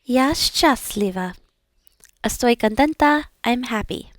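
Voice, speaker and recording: Her voice is on the high side with lively intonation and a slow pace, in a clean studio recording free of room sound. Practicing pronunciation as a language learner, she repeats words several times each, then explains the sounds in a modest, encouraging, self-effacing way.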